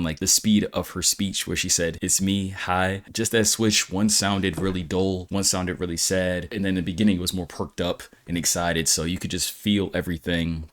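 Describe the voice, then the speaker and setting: A man with a low, deep voice gives casual reaction commentary on a song. He muses aloud and often restarts his sentences while he works out his thoughts. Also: fairly bright tone. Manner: reflective, musing, with frequent restarts. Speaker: music reaction host.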